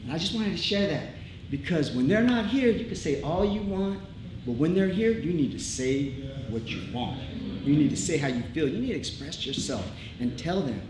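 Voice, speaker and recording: A man's voice: fairly high pitch, expressive, normal speed. A middle-aged man giving a heartfelt, emphatic speech on a theatre stage, talking casually and repeating his points. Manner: emphatic, repetitive, casual street talk. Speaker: speaker at a tribute show. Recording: echoey hall, live crowd noise.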